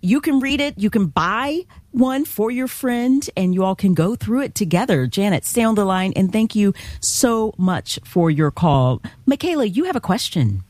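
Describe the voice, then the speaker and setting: A woman's voice: mid-range voice, animated, normal speed, hardly any pauses, a little mellow, no echo. A woman hosting a Christian call-in radio show, affirming callers with frequent murmured agreement.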